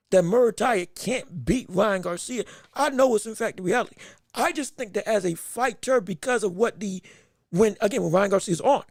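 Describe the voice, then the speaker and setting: A man hosting a live boxing podcast, talking casually and getting excitable, repeating words when he gets flustered. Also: very high-pitched, creaky, dry recording, clean studio sound. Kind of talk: casual live-stream commentary.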